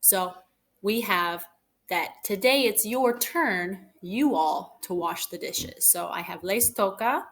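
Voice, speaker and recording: A woman's voice: mid-range voice, takes it slowly, fairly bright tone. A woman teaching Spanish, narrating a recorded lesson over slides and patiently explaining example phrases in English and Spanish.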